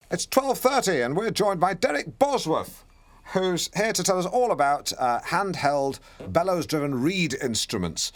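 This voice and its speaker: A pompous, blundering middle-aged radio host, who stumbles and corrects himself mid-sentence. His pitch swoops up and down with lively swings as he presents his show. He sounds smug and cheerfully clumsy. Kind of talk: sitcom radio-show acting.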